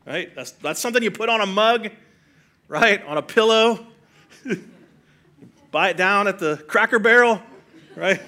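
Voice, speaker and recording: A man preaching a sermon, earnest and full of rhetorical questions, swinging from hushed and soft to loud and emphatic. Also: sits high, expressive, normal speed. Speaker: pastor.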